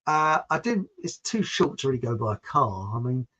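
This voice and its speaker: A man's voice: medium pitch, very animated, normal speed, bright, forceful tone, slightly rough. A man hosting an online show, telling rambling self-mocking stories and laughing as he goes. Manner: chuckling, self-mocking storyteller. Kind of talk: rambling anecdotal chat. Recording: dull lo-fi sound.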